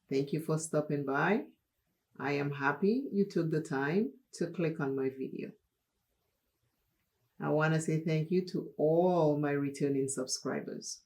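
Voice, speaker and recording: A woman from Dominica, hosting a makeup tutorial and telling a personal story in an unhurried, chatty way. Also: low-pitched, a little mellow. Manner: unhurried, chatty, laughs while telling stories. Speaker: makeup channel host.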